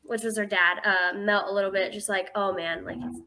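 A woman's voice: medium pitch, steady tone, fairly quick, bright, forceful tone. An eighteen-year-old woman telling a story as a guest in a casual interview, chatty and filling her speech with "like".

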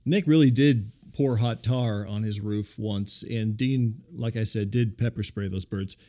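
A man hosting a comedy radio show, talking in a calm, deadpan, placating way. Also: on the low side, unhurried. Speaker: radio host.

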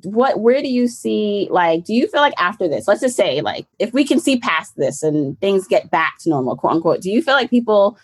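A woman's voice: mid-range voice, big pitch swings, moderate pace, hardly any pauses, breathy edge. A woman hosting a podcast interview, asking casual, chatty questions. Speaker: podcast host. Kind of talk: interview conversation.

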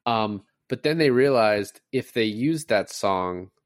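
A man's voice: lowish voice, animated, slow, no echo, studio quality. A man co-hosting a podcast who chats casually about a film, retelling scenes with lots of fillers. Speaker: podcast co-host. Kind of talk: casual movie discussion.

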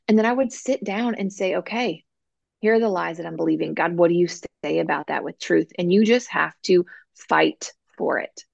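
A woman guest, an author and coach, telling her faith story in an earnest, animated way on a podcast interview. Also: lowish voice, normal speed, vocal fry, slightly rough, no echo.

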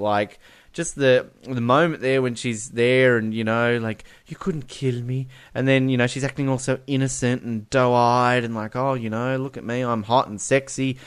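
A man's voice: mid-range voice, clear, resonant tone. A man talks through a film scene by scene in casual podcast chat. He laughs a lot and acts out the characters' lines.

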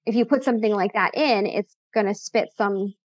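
A woman's voice: mid-range voice, normal speed, dry recording, highs cut off. A woman speaking as a guest in a casual interview, chatty, upbeat and a little sassy. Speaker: podcast guest, content coach.

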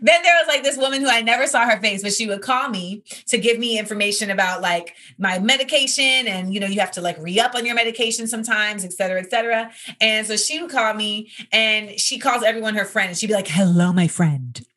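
A woman's voice: on the high side, fast talker, few pauses, sharp tone. A woman in her thirties, a comedian hosting a podcast, chatting casually in a rambling, conversational way. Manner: rambling, conversational, filler-heavy. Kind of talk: casual chat.

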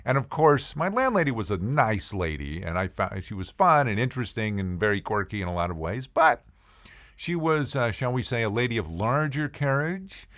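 Speaking at a normal speed in a mid-range voice, a podcast host animatedly recounts an amusing personal anecdote and imitates the voices of those in it. There's no room sound on the recording.

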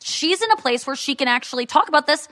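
Woman comic, podcast guest; bright, slightly high voice, chatty and self-deprecating. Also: lively intonation, quick pace. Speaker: comedian guest. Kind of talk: casual podcast chat.

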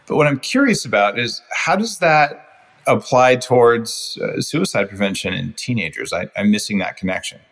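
A man's voice: medium pitch, fairly bright tone. A man hosting a podcast interview, speaking directly, interjecting and pushing back on his guest. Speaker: podcast host. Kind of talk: casual interview talk.

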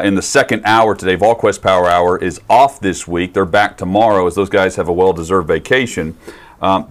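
A man with a fairly low voice hosts a sports talk radio show. He moves easily through the plugs and the segment rundown, and he keeps the tone conversational.

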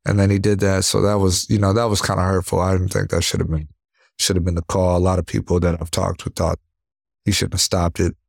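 A young man with a very low, deep voice tells his boxing stories in casual interview talk. He acts out blows with sound words and keeps checking in with "you know what I mean." The sound is dry and close. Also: a little fast, creaky, no room sound. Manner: animated storyteller, acts out punches with sound words. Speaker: professional boxer, interview guest.

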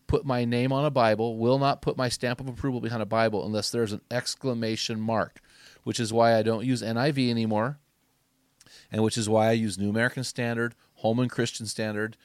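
A middle-aged man preaches to his male listeners in a podcast talk, exhorting them with emphatic, punchy bursts that swell in volume. His voice sits at an ordinary mid pitch. The recording is dry and close, with no room sound. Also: little pitch movement, a little fast, dry recording. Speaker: men's ministry speaker and podcast host.

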